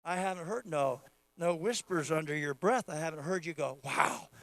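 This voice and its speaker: A man preaching a sermon, moving from casual teaching to loud, fervent prayer. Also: on the high side, moderate pace, no echo. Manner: acts out quoted voices of God playfully. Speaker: pastor.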